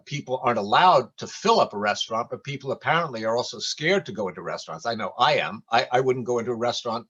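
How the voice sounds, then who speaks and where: A man's voice: medium pitch, a bit bright, slightly rough, lo-fi sound. An older man telling rambling, folksy stories in a casual community talk over a video call.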